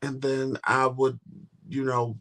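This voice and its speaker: A man's voice: medium pitch, flat delivery, takes it slowly, fairly bright tone. A man co-hosting a casual podcast, speaking candidly and swearing casually as he tells a personal story. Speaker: co-host.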